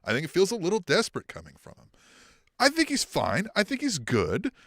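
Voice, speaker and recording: A man's voice: sits high, huge pitch swings, fairly quick, creaky, fairly bright tone, no echo, clean studio sound. A man co-hosting a casual podcast chat, laughing often, swearing, and acting out quotes in a raised voice. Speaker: co-host.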